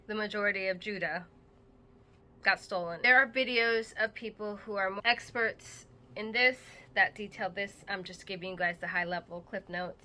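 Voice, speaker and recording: A woman's voice: medium pitch, pushed and bright. A middle-aged woman from Massachusetts giving an earnest, conversational teaching monologue, loose and full of fillers. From Massachusetts, United States. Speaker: host.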